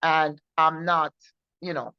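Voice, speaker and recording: A woman co-hosting a faith show, recounting her personal testimony in an earnest, halting way with many restarts. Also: sits low, fairly even intonation, smooth, no echo. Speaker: co-host sharing her testimony. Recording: dull, muffled sound.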